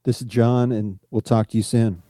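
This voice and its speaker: A man's voice: medium pitch, steady tone, moderate pace, mellow, no room sound. A man co-hosting a podcast, talking in a casual, reflective way with many "you know" fillers. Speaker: podcast co-host.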